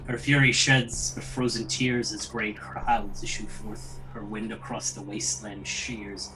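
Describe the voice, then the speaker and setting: Man slowly reading verse. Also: fairly low pitch, flat delivery, far from the mic, over music, poor audio. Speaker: player.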